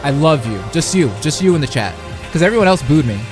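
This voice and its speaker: A man's voice: a little high, animated, quick pace, over music. Young man reading a visual novel live. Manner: playful, chats with his live chat between read passages. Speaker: streamer and commentator.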